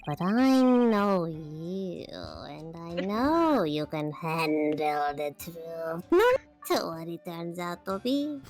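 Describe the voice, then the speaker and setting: A woman voicing a gruff, solemn rebel father as she reads game lines aloud, in a lowered, earnest voice. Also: lively intonation, darkish tone, soft background music, lightly acted. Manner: slow, lowered, earnest delivery.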